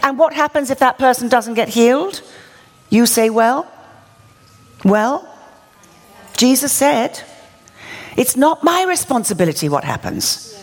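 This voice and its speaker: A woman preaching, telling a healing story with wry asides and rising, animated emphasis. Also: on the high side, unhurried, pauses often. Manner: animated, wry, builds to exclamations. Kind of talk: sermon storytelling.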